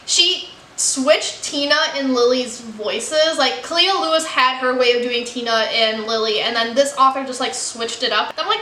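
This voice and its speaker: Woman, from the US, book vlogger, candid casual chat, bright voice, echoey room. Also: high voice, unhurried, slight background noise. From United States. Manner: chatty and candid, with frequent "like" and "you know".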